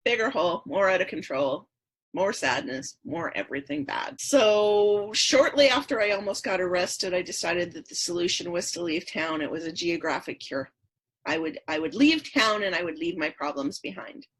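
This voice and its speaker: Husky-voiced woman telling her story. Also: lowish voice, lively intonation, normal speed. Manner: earnest, repetitive storytelling. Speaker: podcast guest. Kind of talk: personal story in interview.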